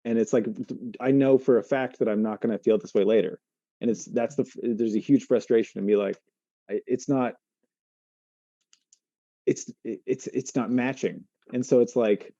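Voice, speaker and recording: A man co-hosting a podcast, talking casually and haltingly, often restarting his sentences. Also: mid-range voice, steady tone, dark tone, no room sound. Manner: halting, restarts often while working through feelings. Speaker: podcast co-host. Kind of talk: casual chat. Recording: muffled, dry.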